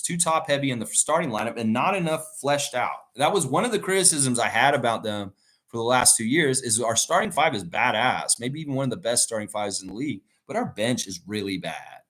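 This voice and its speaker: Expressive and a little fast, a man with a medium, slightly bright voice rambles through a casual live reaction stream. He reads viewer comments out loud as he goes.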